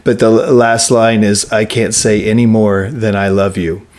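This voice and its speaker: Lowish-voiced man, wry casual talk. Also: little pitch movement, moderate pace, a little mellow. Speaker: podcast panelist. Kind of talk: casual chat.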